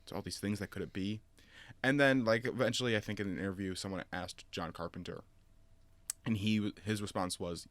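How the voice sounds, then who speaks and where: A man's voice: lowish voice, brisk, no room sound. A man co-hosting a casual movie chat, retelling scenes with lots of fillers and laughs. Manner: animated storytelling, frequent laughs and fillers. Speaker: podcast co-host.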